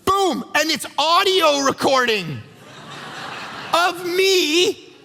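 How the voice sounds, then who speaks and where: A man, a pastor, preaching a sermon with energetic, conversational storytelling in a church auditorium. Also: extremely high pitch, very slow, gravelly. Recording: echoey church hall.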